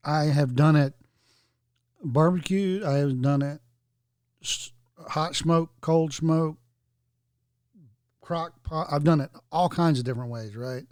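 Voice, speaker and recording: A man from with a fairly high voice, speaking in relaxed podcast chat. He is opinionated and emphatic, and quick to correct people on how things should be done. The recording is dry and close. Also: no room sound. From North Carolina. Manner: opinionated, emphatic about food. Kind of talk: casual chat.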